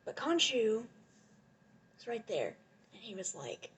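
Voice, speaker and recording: A young woman rambling excitedly in a casual vlog rant, gushing and laughing often, recorded on a propped-up phone. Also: on the high side, slow pace, a little hiss or hum. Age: young adult. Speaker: vlogger. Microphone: phone propped on a lotion bottle.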